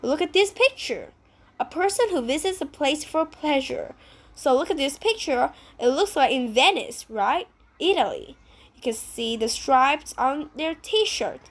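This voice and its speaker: A woman with a Vietnamese accent leads a vocabulary lesson for children. She speaks slowly in a high voice, repeating each new word and checking with simple questions. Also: lively intonation. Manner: slow, repeats words, asks simple questions. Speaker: English teacher.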